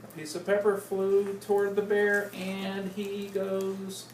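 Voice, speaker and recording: A woman slowly reading a picture book aloud to small children, playful and stopping to ask them questions. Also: medium pitch, completely flat delivery, darkish tone. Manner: slow, playful, asks the kids questions. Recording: roomy, distant, noisy home recording.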